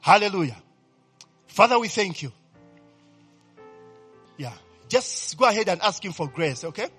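Animated husky preacher in an echoey hall. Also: male voice, high-pitched, unhurried. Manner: call-and-response, rising to loud exclamations; asks the congregation questions and repeats "eh?". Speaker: pastor. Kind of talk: sermon. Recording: echoey hall with faint music.

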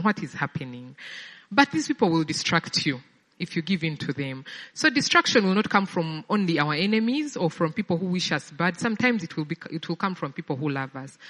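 Low-voiced woman giving testimony in a hall. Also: a bit bright. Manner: conversational, often repeats words while searching for them. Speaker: speaker sharing a personal testimony. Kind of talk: sermon-style testimony.

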